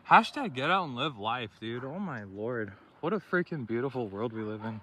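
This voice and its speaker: A man's voice: mid-range voice, big pitch swings, normal speed, a bit bright. A man filming a casual vlog while hiking an outdoor trail, talking in a rambling, laid-back way with lots of slang. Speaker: vlogger. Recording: noisy outdoor recording.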